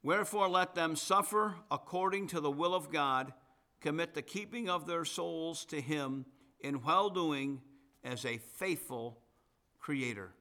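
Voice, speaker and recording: A middle-aged male pastor delivers a sermon in a bright, forceful voice set a little high. He moves between scripture and casual, joking asides to his congregation. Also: a little slow. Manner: conversational preaching with asides and folksy humor.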